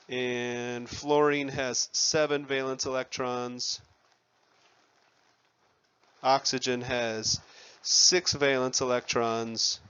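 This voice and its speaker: A male chemistry teacher lecturing his class in a loose, conversational way, tossing questions to students and making wry jokes at his own expense. His voice is bright and forceful, sitting at an ordinary pitch, and the recording is somewhat dull and lo-fi. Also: clear, resonant tone. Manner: conversational, asks students questions, self-deprecating asides.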